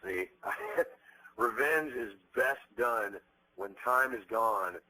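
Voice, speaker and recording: A man in his thirties being interviewed, telling stories bluntly with plenty of profanity and animated energy. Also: mid-range voice, drawn-out words, poor audio. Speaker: interviewed musician. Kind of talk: candid interview talk.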